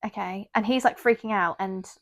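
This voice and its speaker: Woman, podcast co-host, casual book chat, quotes characters, middle pitch. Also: fairly even intonation, moderate pace, fairly bright tone. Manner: chatty retelling, quotes characters.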